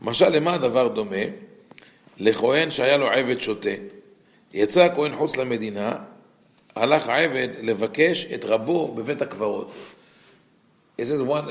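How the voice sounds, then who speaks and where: A man, a rabbi, teaching a Torah class, reading Hebrew text quickly and then explaining it in a conversational way. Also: mid-range voice, gravelly. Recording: echoey room.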